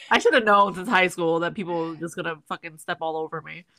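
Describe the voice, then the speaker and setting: A woman's voice: on the low side, sharp tone. A young woman co-hosting a casual chat, self-deprecating and swearing casually. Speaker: podcast co-host.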